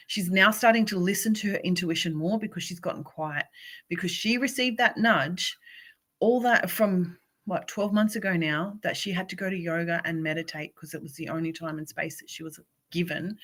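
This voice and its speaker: A woman with a slightly low voice reads oracle cards live as a spiritual coach. She speaks warmly and encouragingly, addressing each viewer by name.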